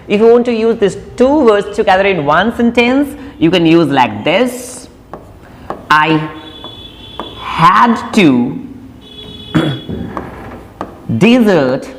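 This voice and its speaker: A woman with an Indian accent teaching English vocabulary, explaining patiently and repeating words slowly for emphasis. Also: mid-range voice, slight background noise. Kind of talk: classroom lesson mixing English and Hindi. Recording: reverberant room sound.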